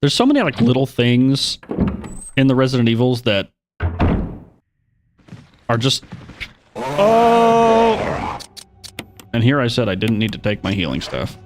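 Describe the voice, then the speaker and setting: A man's voice: mid-range voice, very animated, fairly quick, background noise. A man streaming a horror video game, chatting casually and narrating his own moves with wry asides. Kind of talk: live gameplay commentary.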